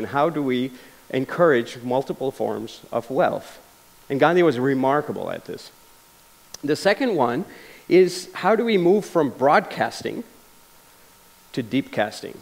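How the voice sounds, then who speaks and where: A man's voice: fairly high pitch, expressive, normal speed, vocal fry. A man giving a public lecture, telling stories earnestly, with frequent restarts and fillers. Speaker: lecture speaker. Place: lecture hall.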